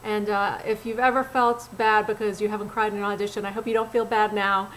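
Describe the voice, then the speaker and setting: A middle-aged woman, a casting director and acting coach, giving acting tips straight to camera in a blunt, animated, conversational way. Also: mid-range voice, brisk, slight background noise, rough recording. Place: Los Angeles.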